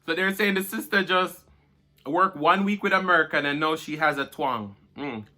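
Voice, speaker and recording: A man's voice: on the high side, lively intonation, a little slow, bright, forceful tone. A Jamaican man chatting casually during a food-review mukbang, humming and murmuring between bites.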